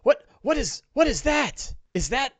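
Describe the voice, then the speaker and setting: A man doing a shrill, flustered town mayor. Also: unhurried, dry recording, heavily acted. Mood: startled. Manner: frantic, stammering, excited. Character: flustered high-voiced male town mayor.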